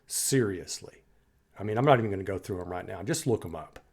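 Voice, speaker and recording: A man hosting a music reaction video, talking casually and reflectively, full of admiration, with sentences that trail off into soft pauses. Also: low-pitched, animated, husky.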